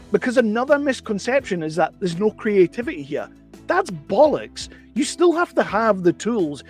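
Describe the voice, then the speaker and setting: High-voiced chatty film reviewer. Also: male voice, breathy edge. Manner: chatty, opinionated, rambling with self-corrections. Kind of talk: casual spoken film review.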